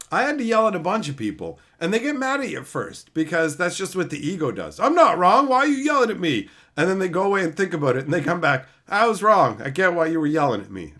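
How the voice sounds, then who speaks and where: Man, streamer, casual chat, blunt, profane, fairly high voice, very animated. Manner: blunt, profane, heated ranting; reads viewer comments aloud.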